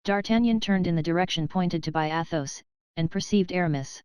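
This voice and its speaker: A woman narrating a classic novel as an audiobook in an even, measured reading. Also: on the low side, clear, resonant tone, no room sound, low-quality recording. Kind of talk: scripted narration. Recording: dry close studio sound.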